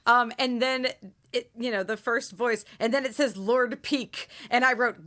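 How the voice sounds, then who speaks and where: A woman co-hosting a podcast in casual chat, animated and reacting with acted exclamations and swearing. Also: a little high, slow pace. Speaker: podcast co-host.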